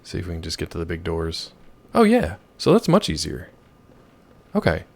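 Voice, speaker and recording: American guy rambling through a game stream, hoarse and gravelly, lowish voice. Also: wildly swooping pitch, normal speed. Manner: rambling, jokey, reads chat aloud. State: hoarse from yelling. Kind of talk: casual gameplay chat.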